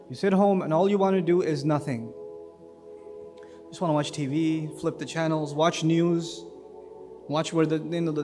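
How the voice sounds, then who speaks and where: A man preaching a sermon to a congregation in an animated, humorous, conversational way. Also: a little high. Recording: echoey hall with faint music.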